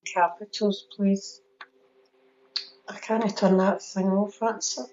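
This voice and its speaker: Scottish woman doing tarot on a phone live, chatty, mellow voice, roomy echo. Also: medium pitch, little pitch movement, slow pace, dull audio. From Scotland. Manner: chatty, talks to viewers, fumbles with the app. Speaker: tarot reader. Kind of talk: live-stream tarot reading. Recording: echoey room with faint ambient noise.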